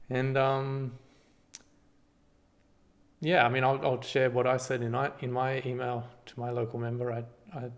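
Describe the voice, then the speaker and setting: A man casually walks through a screen-recorded tutorial, relaxed and halting, with lots of ums and restarts. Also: mid-range voice. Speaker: party volunteer giving a tutorial.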